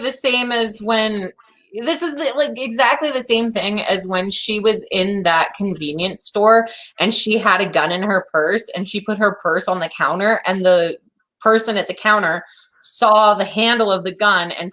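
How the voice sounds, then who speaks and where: A woman co-hosts a laid-back true-crime podcast and retells events with lively energy. Her voice is bright and forward, sitting at a middle pitch for a woman. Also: normal speed. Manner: animated storytelling, acts out quotes in a high voice. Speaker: podcast co-host.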